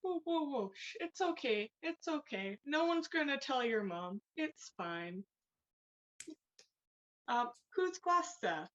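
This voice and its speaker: A woman voicing a young male tiefling who coaxes and reassures in a soft, soothing way. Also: high-pitched, sing-song, slow pace, dull audio, full character voice. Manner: coaxing, reassuring, sidestepping the truth.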